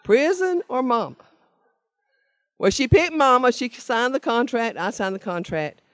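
A woman's voice: a little high, lively intonation, normal speed, a bit bright, clear, resonant tone, dry recording. Older woman telling her story to a meeting, earnest and emphatic, dry close-miked sound. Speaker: speaker sharing her recovery story. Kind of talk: personal testimony talk to a meeting.

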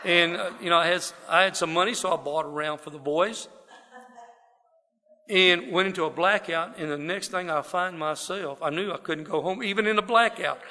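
A middle-aged man from South Texas with a slightly high, gravelly voice and a Southern drawl. He tells his own life story in a folksy, self-deprecating way, slipping into quoted voices. His words ring with a long reverb, as if spoken in a large hall. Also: moderate pace, pushed and bright. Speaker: speaker sharing his recovery story. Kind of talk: personal storytelling talk.

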